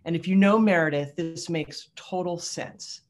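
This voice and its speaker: A woman's voice: lowish voice, measured pace, a little mellow. A woman giving a prepared, heartfelt tribute toast to a colleague at an awards event. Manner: heartfelt and rhetorical.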